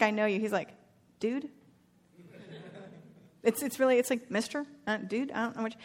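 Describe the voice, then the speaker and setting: A woman teaches from the pulpit in a loose, chatty way, slipping into casual slang as she acts out the characters of a parable. Her voice sits a little high, and she moves between explaining and animated retelling. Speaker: preacher.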